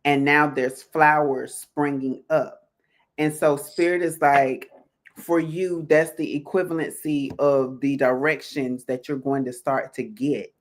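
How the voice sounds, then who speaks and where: A woman's voice: sits low, measured pace. A woman co-hosting a tarot chat, telling stories with acted-out bits of dialogue and frequent laughs. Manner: animated storyteller, acts out little dialogues, laughs often. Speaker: tarot reader co-host. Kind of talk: casual spiritual chat.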